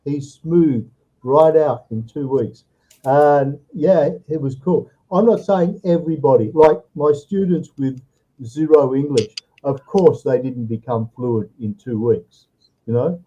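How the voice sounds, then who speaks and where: A man's voice: medium pitch, unhurried, mellow, breathy edge, dull audio. A male English tutor in an online lesson, explaining patiently and checking in with "okay?" after each point. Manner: patient, tags sentences with "okay?" and "all right?". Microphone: video call.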